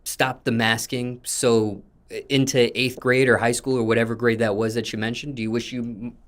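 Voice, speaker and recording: A man interviewing a guest, asking long, winding questions in a measured way. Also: medium pitch, level tone, soft background music.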